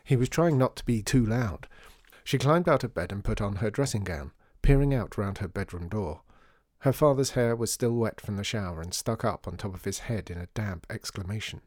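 A man narrating a children's storybook in a measured, hushed manner. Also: fairly low pitch, no echo, studio quality.

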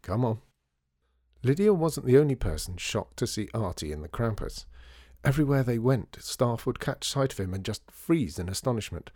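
A man narrating a storybook in a measured, wry way. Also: medium pitch, very animated, darkish tone, dry recording, clean studio sound.

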